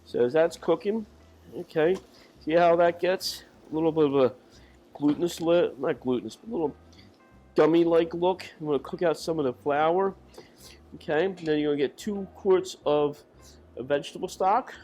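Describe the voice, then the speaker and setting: A man's voice: a little high, normal speed, darkish tone, soft background music. Rambling folksy man cooking. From Irish family. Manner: rambling, self-correcting, folksy. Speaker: cook. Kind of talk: casual cooking demonstration. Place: kitchen.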